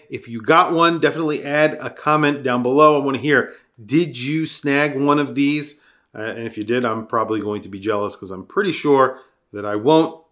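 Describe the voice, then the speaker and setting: A man's voice: mid-range voice, fairly bright tone. A man hosting a casual product rundown, enthusiastic and conversational, talking straight to his viewers. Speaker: watch reviewer.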